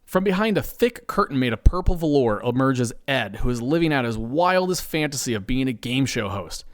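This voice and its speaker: A man narrating a comedic audio story in a playful, animated way. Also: mid-range voice, moderate pace.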